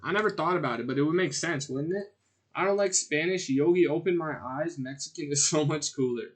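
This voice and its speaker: A man streaming a game, chatting casually and rambling in a jokey way, with sudden loud outbursts as he answers his chat. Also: on the high side, a little fast. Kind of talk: casual gameplay commentary.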